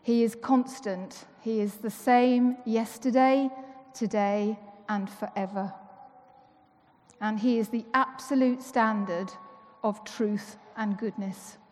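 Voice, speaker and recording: A woman's voice: fairly high pitch, fairly even intonation, takes it slowly, a little mellow. A woman giving a chatty, playful sermon to a congregation in church. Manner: chatty and playful, asks rhetorical questions. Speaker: church member giving the talk. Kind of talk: conversational sermon. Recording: long reverb of a church hall.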